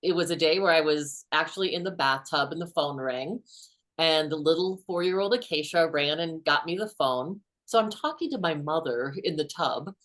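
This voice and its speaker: A middle-aged woman author, a guest in an interview, telling personal stories in an animated way and acting out the quotes. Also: low-pitched, normal speed. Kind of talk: conversational interview storytelling.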